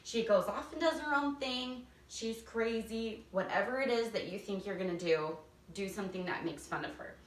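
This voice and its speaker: In an echoey room and at a distance from the mic, a theater teacher offers casual, upbeat stage directions and laughs often. The woman's voice is mid-range and her pace moderate.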